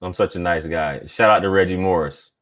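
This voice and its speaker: A man's voice: low-pitched, a little fast, a bit bright. A man hosting a casual live stream, talking in a laid-back, slangy way and reading viewer chats aloud.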